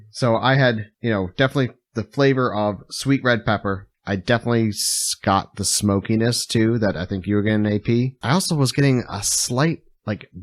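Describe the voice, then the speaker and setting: A man's voice: on the low side, moderate pace. A man on a casual podcast, thoughtfully describing flavors with some hesitation. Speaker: podcast co-host.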